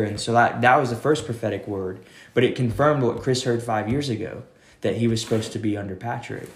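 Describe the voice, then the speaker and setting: A man's voice: medium pitch, brisk. A man, an associate pastor, telling a long story in a casual interview, rambling with many fillers and calling people "man.". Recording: echoey room.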